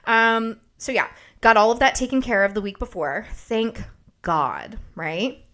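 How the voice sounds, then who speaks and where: A woman podcast host telling a story in casual chat, animated, sarcastic and freely profane. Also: on the high side, unhurried.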